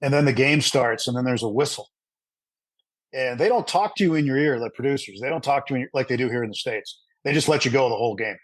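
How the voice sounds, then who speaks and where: A middle-aged man, a sports broadcaster, telling a long anecdote in an interview with lively asides and frequent fillers. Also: mid-range voice, quick pace, no room sound, low-quality recording. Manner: animated anecdotal storyteller with fillers. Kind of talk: storytelling in an interview.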